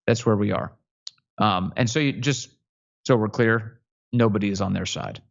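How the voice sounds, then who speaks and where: A man's voice: mid-range voice, lively intonation, normal speed, gravelly, lo-fi sound. A man hosting a political commentary show, talking in a sarcastic, mocking, emphatic way. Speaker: host.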